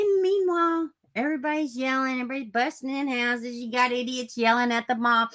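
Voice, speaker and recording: Speaking a little fast with few pauses, this woman's high, fairly bright voice carries her true crime livestream commentary. She hosts the channel, ranting with blunt profanity and sarcastically imitating the people she mocks.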